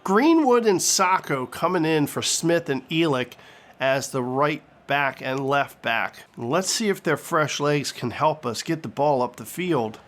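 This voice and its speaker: A man doing comedic play-by-play commentary over his football video game, excitable and crude, shouting on big plays. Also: a little high, a little slow. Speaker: gaming commentator.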